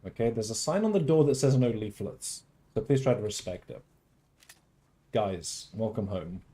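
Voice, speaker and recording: A man's voice: on the low side, animated, normal speed. Theatrical man streaming a game. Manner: theatrical, swings between loud outbursts and mock-tender murmurs. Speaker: livestream host. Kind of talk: casual game livestream commentary. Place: at home.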